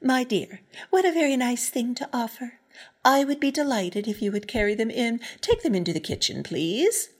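Woman voicing a prim proper lady neighbour, formal precise wording, higher voice, lively, storybook. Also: normal speed, slightly rough. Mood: polite.

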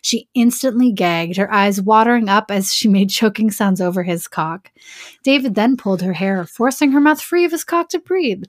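A woman's voice: mid-range voice, lively intonation, normal speed, no echo. Dry-voiced woman reading a story. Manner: laughing asides, stumbling rereads. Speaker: podcast co-host and story reader. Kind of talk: reading an erotic story aloud with jokes.

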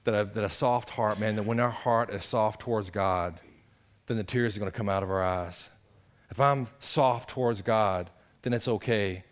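A man preaching a sermon, animated and conversational, swinging between loud exclamations and hushed earnest passages. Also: fairly low pitch, moderate pace. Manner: conversational, addresses the congregation directly. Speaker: pastor.

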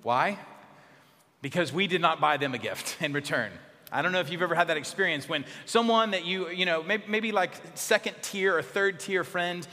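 A pastor preaching a sermon in a church, expressive, dropping to soft tones for emphasis. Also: male voice, sits high, normal speed, big-room sound.

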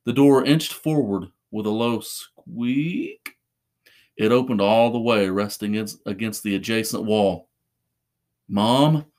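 A man narrating a first-person horror story in a measured, suspenseful way. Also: lowish voice, darkish tone.

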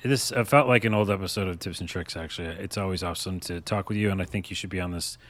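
A man's voice: deep voice, quick pace, fairly bright tone, no echo. Joking young man hosting a podcast. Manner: loose, joking, many "like"s. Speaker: podcast host. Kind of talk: casual podcast chat.

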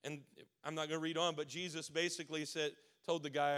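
A man preaching a sermon with a Baltimore accent, building to loud emphatic preaching. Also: a little high, steady tone, normal speed, clean tone. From Maryland. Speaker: pastor.

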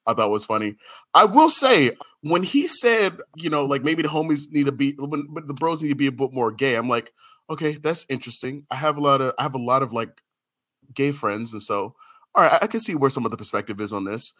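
A man on a podcast panel, talking in a bright, forward voice. He is animated and self-deprecating, with laughter running through his talk and his pitch swinging up and down. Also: a little fast. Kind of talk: casual chat.

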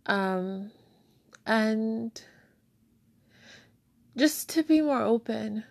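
A woman sharing her feelings in a candid personal monologue, halting and searching for words, becoming emotional. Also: mid-range voice, no room sound. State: tearful, emotional.

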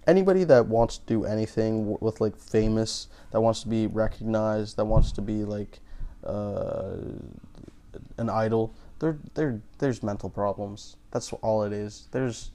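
A man with a fairly low voice riffs in loose podcast chat as a comedian. He rambles, stammers and restarts his sentences as he thinks aloud. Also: measured pace, warm tone.

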